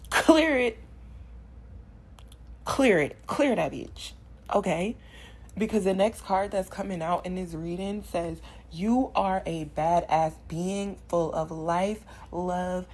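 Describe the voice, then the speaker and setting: A woman's voice: on the low side, darkish tone, low-quality recording. A young woman doing a channeled tarot reading, preaching affirmations with passion and sighing between lines. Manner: impassioned, preachy, repetitive affirmations. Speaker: spiritual card reader.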